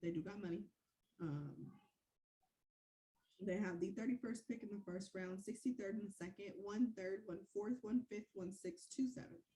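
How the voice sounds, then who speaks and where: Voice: medium pitch, fairly quick, mellow. A host in a casual sports podcast works through rosters and numbers with a mid-range voice. The talk is playful, with teasing asides dropped between the lists. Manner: playful, list-reading with asides.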